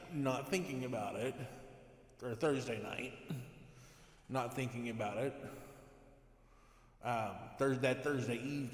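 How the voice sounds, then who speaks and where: A man giving a rambling, sarcastic, exasperated rant to camera, with many restarts. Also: mid-range voice. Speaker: toy collector vlogger. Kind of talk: ranting commentary. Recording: echoey room with long reverb.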